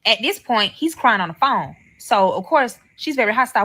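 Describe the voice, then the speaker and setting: A woman recounts a chaotic personal story straight to her viewers, swearing constantly and acting out the lines of the other people. Her voice sits in the middle range and keeps the loose, animated rhythm of spoken storytelling. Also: medium pitch, quick pace, few pauses, faint music behind. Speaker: storyteller in a played clip.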